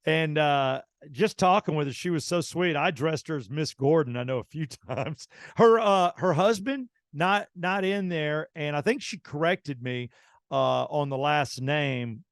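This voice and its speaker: A middle-aged man, hosting a radio show and telling an anecdote in a casual, animated way, acting out the dialogue. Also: fairly high pitch, measured pace, no echo, clean studio sound. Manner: animated anecdote teller, acts out quoted dialogue. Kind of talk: casual storytelling.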